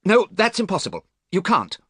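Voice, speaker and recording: A man's voice: huge pitch swings, normal speed, slightly rough, dry recording, studio quality, heavily acted. A man doing a haughty, bored young dandy. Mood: angry. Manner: drawling, haughty, raised pitch.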